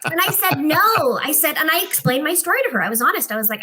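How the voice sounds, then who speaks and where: A woman with a bright, forceful voice that sits a little high, talking as a podcast guest. She tells her story with energy and acts out the lines of each person in it. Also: fast talker, hardly any pauses. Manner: expressive, acts out dialogue in her stories. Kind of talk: animated storytelling in conversation.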